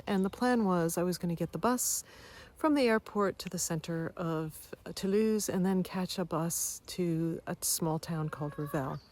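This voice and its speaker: A woman coach sharing a personal story in a reflective way, growing lively as she relives moments. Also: lowish voice. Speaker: wellness coach. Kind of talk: personal story told to camera.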